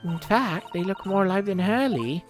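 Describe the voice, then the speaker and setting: A streamer chatting casually while playing a story game, dropping wry comments between lines of dialogue. The pitch moves around a lot. Game music plays faintly underneath. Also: expressive, normal speed. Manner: wry asides, reads dialogue aloud.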